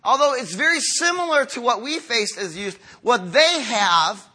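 A man in his fifties preaching a sermon to a congregation, earnest and conversational, moving from quiet, slow lines to emphatic ones. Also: very high-pitched, lively intonation. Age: 50s. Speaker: pastor.

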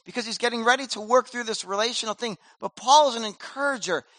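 A man preaching a sermon as pastor, animated and conversational, with casual slang. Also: very high-pitched, fast talker, dry recording.

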